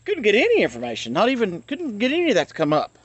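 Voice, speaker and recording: A man's voice: high-pitched, huge pitch swings, fast, no room sound, muffled recording. A man ranting bluntly to his channel, recording on a handheld phone outdoors near traffic. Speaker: channel host.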